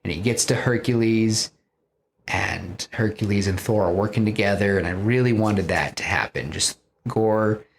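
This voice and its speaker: A man casually pitching a movie story on a podcast, rambling and leaning on fillers. His voice sits fairly low, with a faint hiss of background noise. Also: moderate pace, creaky. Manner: rambling, many fillers like "you know".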